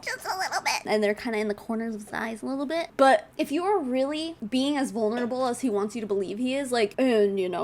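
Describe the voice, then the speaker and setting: A woman hosting a reaction commentary, incredulous and sarcastic. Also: fairly high pitch. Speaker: commentary host.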